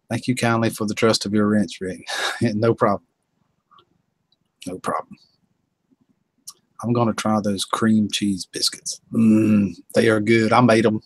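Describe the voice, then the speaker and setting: A man with a North Carolina Southern accent chats with viewers on a live stream in an easygoing, drawling way. His voice sits a little low and sounds husky. The recording is dry and close. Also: no echo, poor audio. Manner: folksy, drawling, reads viewer comments aloud.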